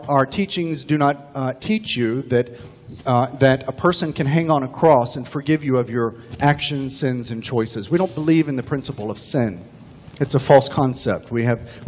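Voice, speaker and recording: A man from Texas preaching a sermon as pastor, with animated, emphatic storytelling. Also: mid-range voice. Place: church sanctuary. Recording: dull recording with long church reverb.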